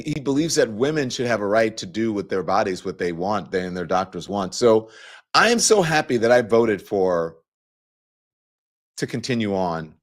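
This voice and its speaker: A middle-aged man hosting a casual opinion show, talking straight to viewers in a lively, mocking way. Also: lowish voice. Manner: animated, mocking, acts out quoted voices. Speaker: show host.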